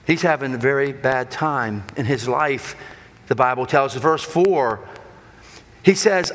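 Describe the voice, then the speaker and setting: A man preaching a sermon, swinging between loud emphatic lines and hushed low ones. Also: a little slow. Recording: long hall reverb.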